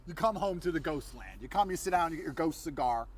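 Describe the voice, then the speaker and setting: A man's voice: on the high side, animated, quick pace, a crowd in the background. A man telling a mocking, emphatic comic rant as a guest on a stream. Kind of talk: animated comedic rant.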